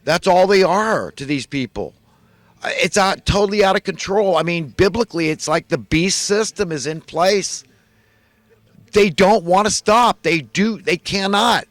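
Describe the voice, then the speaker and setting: A man's voice: high voice, measured pace, dry recording. Man with a raised voice, dry close sound. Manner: earnest, swinging from loud urgent preaching to quiet confession; religious, ranting about elites. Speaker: channel host. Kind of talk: impassioned spoken monologue.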